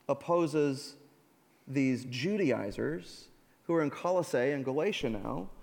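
A man preaching a sermon as pastor, telling stories with lively acted-out voices. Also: on the high side, in a large hall. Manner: animated storytelling, acts out voices in anecdotes. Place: church sanctuary.

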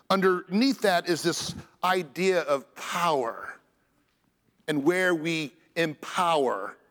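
A man preaching a sermon as pastor, earnest and lively, stressing phrases between pauses. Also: on the high side. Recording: echoey church hall.

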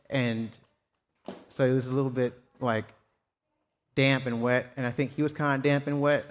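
A man preaching a sermon, telling a personal story in a casual, self-deprecating way. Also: medium pitch. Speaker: pastor. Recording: long hall reverb.

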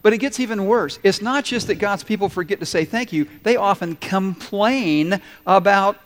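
A male pastor preaching a sermon to his congregation in an animated, playful way, acting out little asides. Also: high-pitched, normal speed. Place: large church hall. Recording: reverberant church hall. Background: congregation responding.

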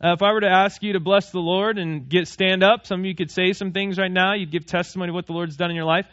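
A man with a high voice preaches a sermon in a loose, chatty way, putting questions to his listeners and cracking jokes. The sound is dry and a little dull and muffled. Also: steady tone, quick pace, fairly bright tone, no echo. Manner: conversational, asks the congregation questions and jokes. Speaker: pastor.

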